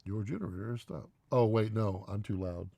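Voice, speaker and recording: A man's voice: fairly low pitch, brisk, vocal fry, dark tone. A man hosting a casual live stream from home, reading viewer comments aloud and teasing them with frequent laughs. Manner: rambling, teasing, laughs often.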